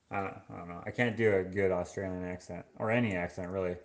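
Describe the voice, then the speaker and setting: Canadian guy rambling over the dishes, lowish voice, lots of likes and ums. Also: steady tone, quick pace. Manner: musing, wandering, full of fillers. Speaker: vlogger. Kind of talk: casual rambling chat. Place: home kitchen washing dishes.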